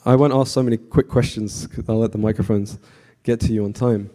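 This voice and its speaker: Guy with a deep mellow voice giving a chatty temple class, asks the crowd questions, lots of ums. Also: fairly quick. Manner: conversational, asks the audience questions; frequent fillers and restarts, relaxed. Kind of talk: devotional class lecture to a live audience. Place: temple hall with an audience.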